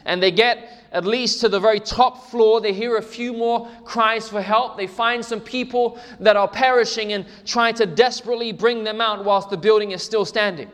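A man's voice: high voice, fairly even intonation, moderate pace, hardly any pauses, fairly bright tone, in a large hall. A man preaching a sermon, telling a story with emphatic repetition. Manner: emphatic storytelling, repeats for stress.

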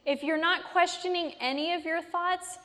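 A woman with a high voice leads a faith-based class in a casual, conversational way, asking her listeners question after question. Her words ring out with a long reverb, as if spoken in a large hall. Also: steady tone, moderate pace, sharp tone. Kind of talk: faith-based teaching talk.

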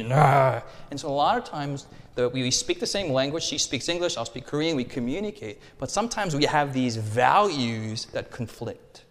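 A young American man preaching a sermon with animated rhetorical contrasts and call-and-response. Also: mid-range voice, moderate pace. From United States. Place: church hall. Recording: reverberant hall.

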